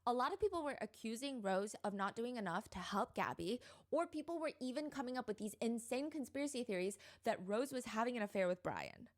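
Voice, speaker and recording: A woman's voice: a little high, big pitch swings, a little fast, hardly any pauses. A young woman casually retelling a true crime case, chatty and full of fillers, sometimes quoting the people involved. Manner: chatty, filler-heavy retelling with quoted voices.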